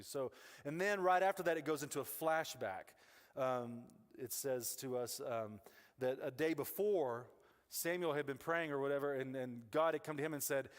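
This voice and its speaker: A man's voice: medium pitch, normal speed. A man preaching a casual, rambling sermon as pastor, full of asides and restarts, on a wireless mic. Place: church sanctuary. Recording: church hall reverb.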